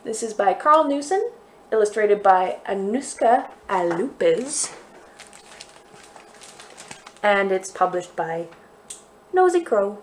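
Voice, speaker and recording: A woman's voice: medium pitch, big pitch swings, measured pace, a little hiss or hum. A woman librarian leading a children's story time, guiding finger rhymes in a friendly, chatty way.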